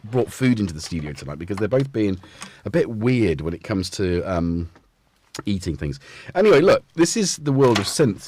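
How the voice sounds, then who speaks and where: A man's voice: on the low side, a little mellow, slight background noise. A man hosting a casual live stream from his home music studio, rambling and chatting to his cats as he goes. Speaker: livestream host.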